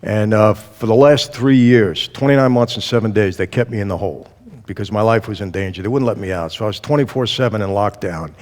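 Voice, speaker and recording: A man guest giving his testimony in an interview, a lively storyteller who acts out the dialogue he quotes. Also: fairly low pitch, fairly quick, long reverb tail.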